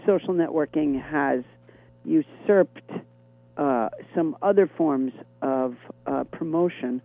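A middle-aged woman with a low, gravelly, rough-edged voice, talking over a thin, tinny phone line. She rambles wryly through her stories with self-deprecating asides, and her voice carries a lingering chronic cough. The line sounds dry and boxed in. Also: slow pace, dry recording. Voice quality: deep gravelly voice. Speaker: comedian guest. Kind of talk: phone interview chat.

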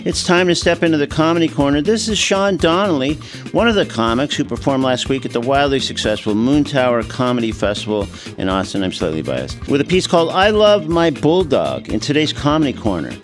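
A man's voice: mid-range voice, sing-song, fairly quick, faint music behind. A man hosting a radio talk show, easygoing and rambling, with fillers and restarts, speaking into a studio microphone.

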